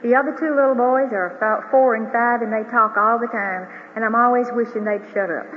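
An older woman with a slightly high voice gives an earnest, heartfelt religious testimony to a big audience. Her words ring through a large hall with a long reverb tail. The sound comes through thin and phone-like, with a faint hiss underneath. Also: steady tone, a little fast. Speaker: grandmother giving testimony. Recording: tinny broadcast of a hall with reverb.

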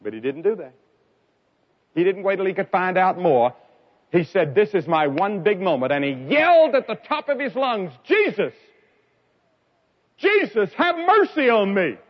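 A preacher delivers an evangelistic sermon in a fairly high voice that leaps up and down in pitch, very animated at a moderate pace. He tells stories dramatically, swinging from loud cries to hushed lines. The old recording sounds dull and lo-fi.

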